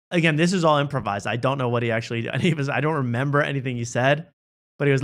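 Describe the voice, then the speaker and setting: A man's voice: medium pitch, fast talker, fairly bright tone. A man hosting a talk show, riffing in a rambling, joking way. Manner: rambling, riffing, laughs at own bits. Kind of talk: casual comedic chat.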